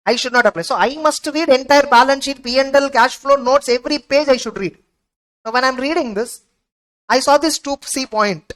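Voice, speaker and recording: A woman's voice: high voice, fairly bright tone, poor audio. A woman runs through an exam revision lecture. She asks the class rhetorical questions and answers them herself, repeating key words for emphasis. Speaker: accounting exam tutor.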